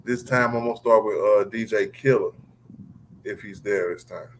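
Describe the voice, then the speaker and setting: A man's voice: lowish voice, moderate pace, a little hiss or hum, poor audio. A man hosting a casual sports livestream, talking loosely with slang and calling on guests by name. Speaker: livestream host.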